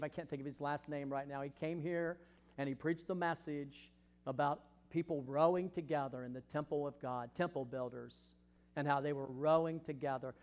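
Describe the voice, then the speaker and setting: A male pastor in full sermon, his voice sitting a little high for a man. He preaches with passion, moving between ringing emphatic questions and quiet, close asides. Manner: impassioned preaching, swinging from loud questions to hushed asides.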